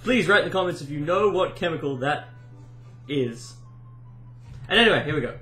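A man giving casual let's-play commentary, excitable and easily amused. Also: a little high, normal speed. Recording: roomy echo with game music behind.

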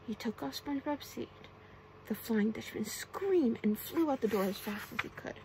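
A woman gently reading bedtime stories aloud in a soft ASMR style, sometimes whispering. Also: a little high, expressive, moderate pace, background noise. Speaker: ASMR storyteller.

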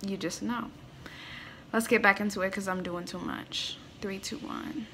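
A young woman hosting a music reaction, gushing and exclamatory, swinging between loud squeals and quiet musing. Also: mid-range voice, fairly even intonation, a little slow, slight background noise. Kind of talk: excited reaction commentary.

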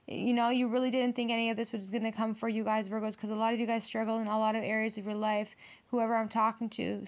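A woman giving a casual tarot reading, blunt and streetwise, swearing freely and talking straight to her viewers. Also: a little high. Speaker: tarot reader.

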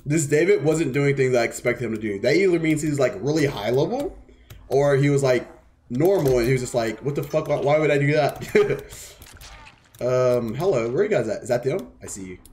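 A man's voice: medium pitch, expressive, normal speed, a little mellow. A man streaming a game live, casually explaining strategy while teasing the players on screen and swearing freely. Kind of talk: live gameplay commentary.

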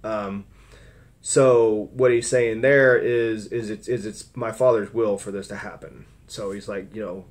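A man's voice: lowish voice, steady tone, unhurried. A man giving informal commentary on a scripture reading, rambling, with frequent restarts and fillers. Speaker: Bible teacher.

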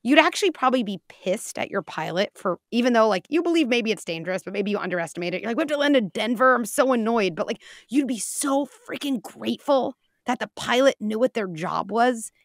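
Psychologist lady chatting on a podcast, lots of vocal fry, dry close sound. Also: fairly high pitch, fairly quick, hardly any pauses, dry recording. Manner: animated, acts out scenes with quoted voices. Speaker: guest, clinical psychologist. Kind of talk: casual interview talk.

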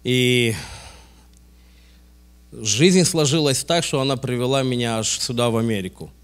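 A man from Tajikistan giving an earnest, measured testimony at a church service. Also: medium pitch, smooth. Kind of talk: formal testimony.

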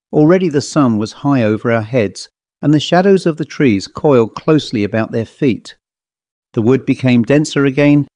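Male audiobook narrator, mid-pitched, measured ghost-story reading, dry close mic. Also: dark tone, dry recording.

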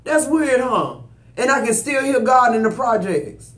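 A man's voice: extremely high pitch, expressive, measured pace, a bit bright. Guy doing a tarot reading, preachy and emphatic, aave, echoey room. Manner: preachy, emphatic, addresses viewers directly. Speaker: tarot reader. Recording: roomy echo.

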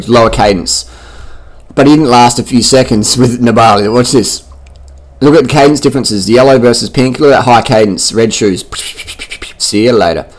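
A man giving casual commentary over race footage in a blunt, mocking, heavily profane way, throwing in buzzing sound effects. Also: mid-range voice. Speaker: cycling vlogger.

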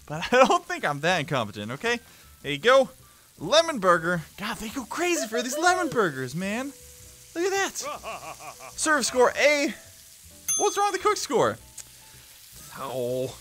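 Excitable, bright-voiced man playing a game. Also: sits high. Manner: playful, joking, talks to the screen. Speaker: gaming YouTuber. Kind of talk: let's play commentary.

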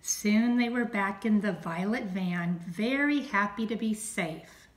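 Woman teacher, storybook read-aloud, slow and clear, roomy echo. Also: medium pitch. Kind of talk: reading a storybook aloud to children.

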